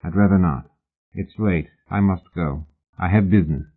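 A man doing a terse, weary gentleman. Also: low voice, normal speed. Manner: terse, clipped, restrained. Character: reserved, weary Victorian gentleman. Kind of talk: audiobook character voice. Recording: husky voice on a tinny phone-like line.

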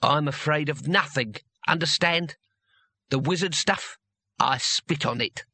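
A man voicing a surly, frightened male bandit who blusters in a hoarse voice. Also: on the high side, lively intonation, fast talker, pushed and bright, no echo, pitched above the performer's own voice, exaggerated voice. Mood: threatening. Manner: blustering, snapping. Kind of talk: audiobook character voice.

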